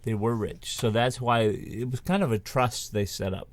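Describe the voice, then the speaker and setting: A man's voice: mid-range voice, fairly even intonation, normal speed, no room sound. A man co-hosting a show, telling a spooky story in a casual, rambling way with many restarts and asides. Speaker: co-host.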